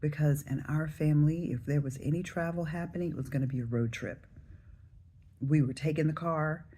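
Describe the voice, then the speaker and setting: A woman in her forties from the Southern US, telling a travel story to camera in a chatty, relaxed way. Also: low-pitched, fairly quick, slight background noise. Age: 40s. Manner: chatty, relaxed, addresses viewers directly. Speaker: travel vlogger.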